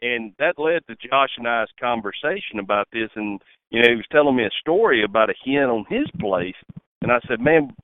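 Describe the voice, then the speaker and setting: A male host speaks at a middling pitch, breaking off and restarting as he explains himself. The sound is dry and tinny, as if it came through a phone. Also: expressive, dry recording. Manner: halting, restarts often. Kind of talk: casual conversation.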